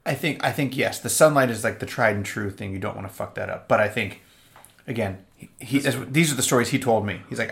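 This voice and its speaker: Male co-host with a gravelly voice who rambles through his stories in casual chat. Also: lowish voice, fast talker. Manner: rambling storyteller with restarts. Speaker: podcast co-host. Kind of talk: casual beer-tasting chat.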